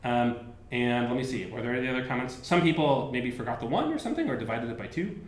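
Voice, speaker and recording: A male professor explains a topic to his class in a relaxed, conversational way. He fills his talk with "like" and "um" and often restarts his sentences. His mid-range voice rings out in an echoey lecture room. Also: mid-range voice, fast talker. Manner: casual, chatty explaining with many fillers. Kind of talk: university lecture. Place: lecture hall.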